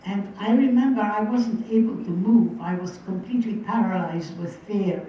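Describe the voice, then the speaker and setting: A woman's voice: medium pitch, moderate pace, a little hiss or hum. Older woman telling her story, echoey room. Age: 80s. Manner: earnest, vivid retelling with repeated phrases. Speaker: guest speaker. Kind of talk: personal storytelling talk to an audience. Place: large room with a live audience. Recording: distant, echoey, muffled hall recording.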